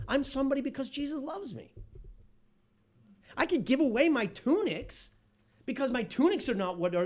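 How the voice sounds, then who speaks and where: A man preaching a sermon as pastor, animated, swinging between loud emphasis and hushed tones. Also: sits high.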